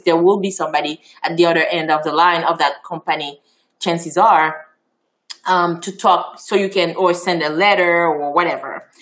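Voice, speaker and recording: A woman from Haiti with a Haitian accent, a native Creole speaker, answering interview questions in an animated, expressive way with many ums and restarts. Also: fairly low pitch. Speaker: festival founder, interview guest.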